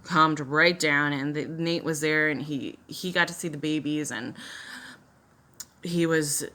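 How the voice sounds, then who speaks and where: A woman's voice: low voice, steady tone, a little slow, sharp tone. A young woman vlogging as she does her makeup, telling a personal story in a chatty, emotional way with many fillers and restarts.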